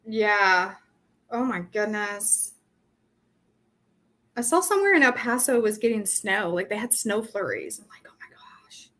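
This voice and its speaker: Slow, chatty woman teaching a craft. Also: medium pitch, a bit bright. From Southern California. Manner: chatty, rambling, thinks aloud with many ums. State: dry throat. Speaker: craft workshop host. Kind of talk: casual live painting tutorial.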